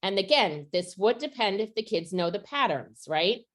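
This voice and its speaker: A woman's voice: medium pitch, lively intonation, normal speed, fairly bright tone. A middle-aged woman training teachers on vocabulary instruction, practical and asking the audience questions. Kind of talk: professional development workshop.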